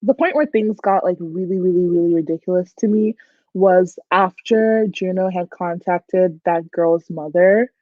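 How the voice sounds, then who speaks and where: A woman's voice: lowish voice, measured pace, no echo. Chatty young woman on tinny call audio. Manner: chatty, animated, many "like" fillers. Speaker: book channel host. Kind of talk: casual book discussion livestream. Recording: dry, tinny phone-like audio.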